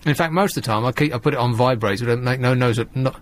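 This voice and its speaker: A man's voice: medium pitch, very fast. A man hosting a late-night radio phone-in, chatting in a wry, rambling way and laughing easily with callers. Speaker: radio host. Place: radio studio.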